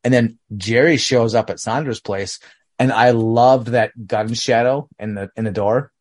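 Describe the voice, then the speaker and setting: A man's voice: mid-range voice, measured pace, a little mellow. A man hosting a podcast who casually retells film scenes in a rambling way, leaning heavily on "like.". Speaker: podcast host. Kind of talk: casual film discussion chat.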